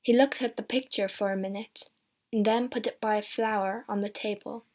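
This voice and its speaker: A woman reading a story aloud as scripted narration, slow and measured. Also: mid-range voice, steady tone, a little mellow. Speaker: audiobook reader.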